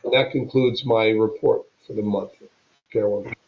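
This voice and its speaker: A man's voice: lowish voice, fairly even intonation, moderate pace. A man reads through his monthly report at a public meeting, item after item. His delivery is plain and businesslike. The sound is dull and lo-fi. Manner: lists items plainly. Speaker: staff member giving monthly report.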